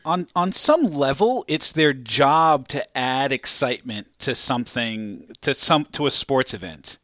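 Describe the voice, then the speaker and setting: A man's voice: mid-range voice, lively intonation, measured pace, fairly bright tone, no echo. A man hosting a casual podcast, joking loosely and laughing easily. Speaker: podcast host. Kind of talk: casual chat.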